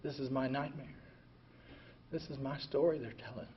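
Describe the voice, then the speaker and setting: An older man telling his own recovery story in an emotional way, going from hushed to loud. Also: mid-range voice, steady tone, normal speed. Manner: emotional, swings from quiet to loud and laughing. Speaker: veteran speaker sharing a recovery story. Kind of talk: personal storytelling talk. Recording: dull lo-fi recording, faint ambient noise.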